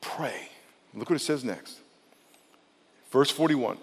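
A male pastor preaching a sermon in a conversational, emphatic way, sometimes dropping to a soft, intimate tone. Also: mid-range voice, expressive, measured pace, long pauses, husky, big-room sound.

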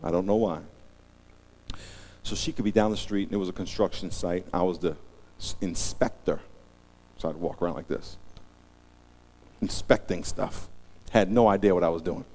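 Joking, animated middle-aged pastor. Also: male voice, deep voice, moderate pace, pauses often. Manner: animated, joking storyteller who acts out scenes. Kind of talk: sermon.

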